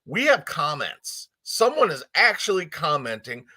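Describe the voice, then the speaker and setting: A man co-hosting a beauty podcast, retelling an event in a quick, casual way. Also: a little high, sing-song, bright, forceful tone, breathy edge. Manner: quick retelling, reads listener comments. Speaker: podcast co-host. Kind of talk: casual storytelling chat.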